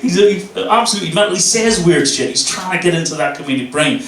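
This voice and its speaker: Performing stand-up, a thirty-something comedian from Northern Ireland tells animated stories peppered with swearing, a crowd audible behind him. He talks fast in a high-pitched voice, and the echoey room is picked up by a mic set at a distance.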